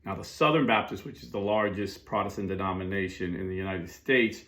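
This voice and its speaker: Low-voiced, chatty middle-aged man. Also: fairly quick, fairly bright tone. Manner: chatty, with fillers and frequent asides. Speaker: Catholic commentator. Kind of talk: casual monologue.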